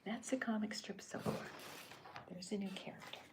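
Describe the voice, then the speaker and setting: A woman cartoonist in soft-spoken ASMR commentary, talking hesitantly with many restarts as she describes her comic panels. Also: medium pitch, moderate pace, poor audio.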